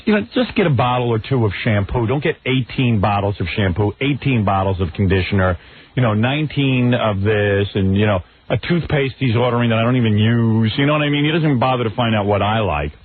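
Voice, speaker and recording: A raspy, somewhat high-voiced man hosting a radio talk show, his tone swinging widely as he tells an exasperated story. The sound is thin and tinny, like it came over a phone line. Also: expressive, a little fast.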